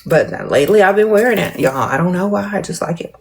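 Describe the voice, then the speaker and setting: A middle-aged woman hosts a casual livestream, answering viewer comments in a restrained, measured, playful drawl with very little mouth movement, calling people "darling" and "y'all." Her fairly low voice is animated and a little mellow, with vocal fry.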